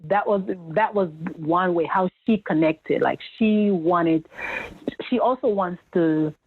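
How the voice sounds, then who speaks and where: A woman's voice: lowish voice, takes it slowly, husky, no room sound. A woman from Jamaica in her thirties, telling family stories in a casual interview, livening up when she quotes her relatives. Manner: storytelling, animated when quoting family. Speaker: guest. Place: home in rural Japan. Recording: tinny phone-like line.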